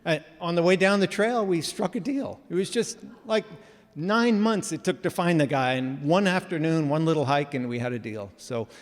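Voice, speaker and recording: A man telling a story live in a casual, animated way with self-mocking humor, heard in a reverberant hall. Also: a little high, moderate pace.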